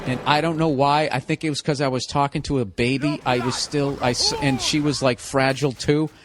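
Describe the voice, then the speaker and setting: A man's voice: mid-range voice, fairly even intonation, brisk. A man streaming a game, telling rambling, profane stories in a casual way and laughing at himself. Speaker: gaming streamer. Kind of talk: casual storytelling while gaming. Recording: game music behind voice. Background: game music.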